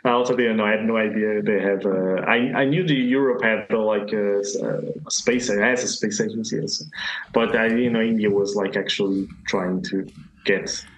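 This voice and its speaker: A man's voice: lowish voice, fairly even intonation, normal speed. Male guest with a Portuguese accent, hesitant, filler-heavy, echoey faintly noisy room. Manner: hesitant, hedging, many fillers. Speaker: podcast guest. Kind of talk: casual podcast chat.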